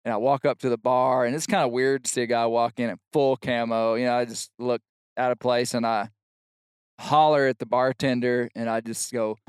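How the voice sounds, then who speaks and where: A middle-aged man on a podcast telling a long funny story, animated and shouting out the lines he quotes. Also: mid-range voice, moderate pace, clear, resonant tone, no room sound, clean studio sound. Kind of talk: casual storytelling chat.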